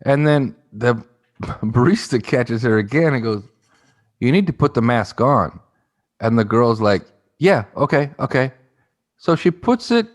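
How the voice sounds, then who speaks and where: A man co-hosting a podcast, casually telling a rambling story and acting out the people in it. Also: mid-range voice. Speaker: podcast co-host.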